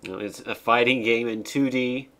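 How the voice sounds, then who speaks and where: A man streams a game and reads its text aloud, adding casual commentary and wry, deadpan asides. He speaks at medium pitch and normal speed.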